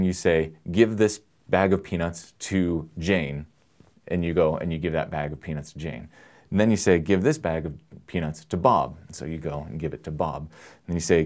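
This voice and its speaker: A man presenting an electronics lesson in a relaxed, joking way, explaining with everyday analogies. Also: deep voice. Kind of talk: casual technical lesson.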